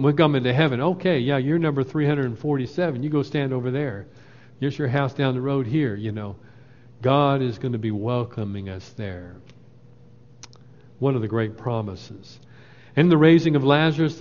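A man's voice: mid-range voice, darkish tone. A man preaching a sermon, emphatic, acting out the quoted lines with a rising voice. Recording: long hall reverb, dull lo-fi sound.

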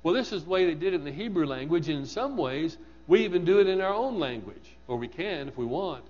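A man's voice: a little high, lively intonation, fast, darkish tone, in a large hall, muffled recording. A man preaching a sermon, asking his congregation questions and repeating words for emphasis.

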